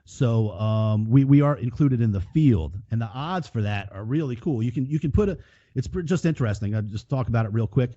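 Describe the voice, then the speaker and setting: This man co-hosts a sports betting podcast, talking casually in a rambling, profane way and often restarting his sentences. His medium-pitched voice is expressive, warm and a little fast, and the dry recording has a dull lo-fi podcast sound.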